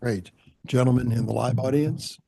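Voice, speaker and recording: A man runs a formal public hearing from a meeting room, polite and a little halting as he swears people in. His voice is mellow and dark with a gravelly creak. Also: medium pitch, fairly even intonation. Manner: courteous, halting with fillers. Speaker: board chair.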